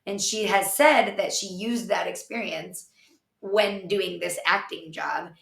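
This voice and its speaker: A woman co-hosting a podcast tells rambling stories packed with fillers, her voice gravelly with fry. She sits back from the mic in an echoey room. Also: mid-range voice, steady tone, slow pace, a bit bright, recorded from a distance. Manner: rambling, filler-heavy storytelling. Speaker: podcast co-host. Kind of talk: casual chat.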